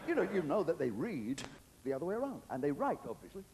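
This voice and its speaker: Older English stand-up comedian, high lively voice, cheeky chatty delivery, hissy 90s VHS recording. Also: male voice, quick pace, big-room sound, some chatter behind. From England. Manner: cheeky, chatty joke-telling with chuckles. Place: theatre stage with a live audience. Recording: noisy 1990s VHS stage recording.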